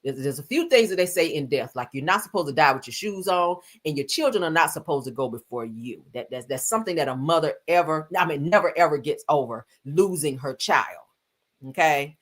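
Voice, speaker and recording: Sassy, chatty woman with lively swings. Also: low-pitched, fast, few pauses. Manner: chatty, sassy, addresses viewers as y'all and honey. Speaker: celebrity gossip streamer. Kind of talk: casual chat.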